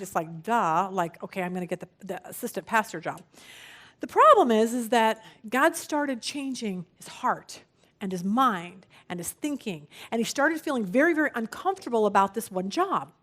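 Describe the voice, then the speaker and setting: High-voiced woman teaching Bible study. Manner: animated, acts out quoted speech.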